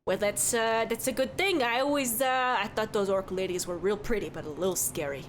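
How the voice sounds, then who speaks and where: A woman's voice: medium pitch, fairly quick, a little hiss or hum, natural voice. A woman voicing a chatty middle-aged male bartender with a folksy, rambling manner. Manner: folksy, rambling, keeps saying "don't you know".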